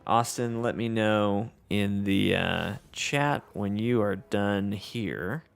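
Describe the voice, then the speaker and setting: A man's voice: lowish voice, slow pace, vocal fry. A man with a Southern US accent hosting a casual gameplay livestream, reading chat aloud in an easygoing, self-deprecating way. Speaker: livestream host.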